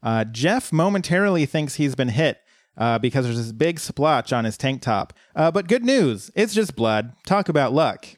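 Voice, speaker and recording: As a podcast co-host, a man recaps a show episode in a relaxed, conversational way. His medium-pitched voice is close and dry with no room echo, and he tells the story at a steady, easygoing, normal speed.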